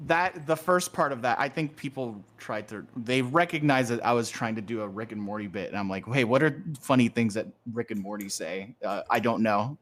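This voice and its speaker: A man's voice: medium pitch, brisk, few pauses, a bit bright. A young man chatting on a livestream with fellow voice actors. He is wry and self-deprecating, and often trips over his words and starts again. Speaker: voice actor, stream guest. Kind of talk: casual chat on a livestream.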